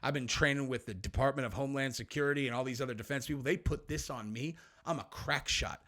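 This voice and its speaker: A man's voice: mid-range voice, quick pace, fairly bright tone, close to an everyday voice. A man playing a cocky, boastful gunman.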